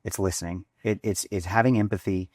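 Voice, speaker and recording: A man in his forties, a restaurant executive, telling stories in an interview, animated and acting out dialogue with many restarts. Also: low voice, fairly quick, no room sound, clean studio sound. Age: 40s. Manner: animated storyteller, acts out dialogue, frequent restarts. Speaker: restaurant chain executive, guest. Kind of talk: conversational interview storytelling.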